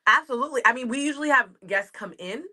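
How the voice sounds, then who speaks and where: Woman, New York accent, comedian guest, video call, rambling casual chat, bright tone. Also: sits high, lively intonation, fast talker. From United States. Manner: rambling, chatty, laughs easily.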